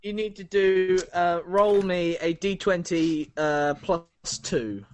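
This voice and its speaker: A man's voice: sits high, takes it slowly, a little mellow. A man narrating as dungeon master, hesitant and often repeating his words. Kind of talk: narrating a tabletop game.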